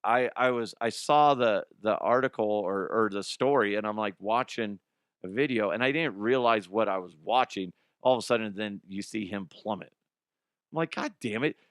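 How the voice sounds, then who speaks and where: A man's voice: fairly low pitch, normal speed, clear, resonant tone, dry recording, studio quality. A middle-aged man hosting a comedy news show, ranting crudely about odd stories with mock outrage and mumbled asides. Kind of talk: profane comedic news commentary.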